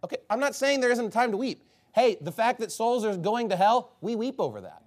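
Blunt high-voiced man preaching. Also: big pitch swings, a little fast. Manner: blunt, scolding, swings between loud emphasis and low asides. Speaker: pastor. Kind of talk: sermon.

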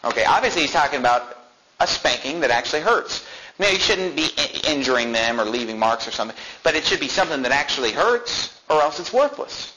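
A male pastor preaching a sermon, reading verses slowly and then explaining them with emphasis. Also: on the high side, very animated, sharp tone, slight background noise, rough recording.

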